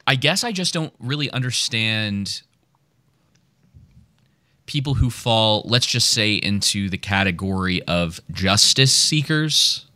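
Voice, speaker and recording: A man's voice: fairly low pitch, pushed and bright, dry recording. A man co-hosting a podcast in casual chat, rambling and hesitant with many fillers. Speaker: podcast co-host.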